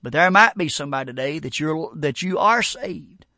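Guy preaching, bit high voice, punchy then hushed, dry close mic. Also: lively intonation, normal speed, no echo. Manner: emphatic, folksy, swings from loud exhortation to quiet prayer. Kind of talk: sermon.

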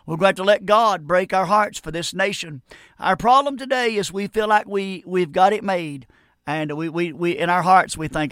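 Brief: middle-aged American radio preacher, earnest, pleading, stumbling restarts; slightly high voice, dead-dry studio sound. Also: male voice, normal speed, a bit bright, no echo. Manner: earnest, repeats words and restarts, pleading questions. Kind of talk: radio sermon.

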